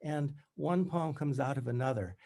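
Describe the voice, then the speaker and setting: A man voicing an elderly great writer who speaks slowly and gently in calm pronouncements, close to his own voice. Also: fairly high pitch, gravelly. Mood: calm, wise.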